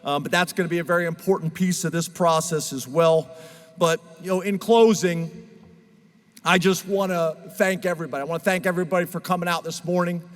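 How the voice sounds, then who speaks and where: Emotional football coach guy at a press conference, highish voice, big echoey hall. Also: steady tone, brisk. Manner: emotional, earnest. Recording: reverberant hall sound.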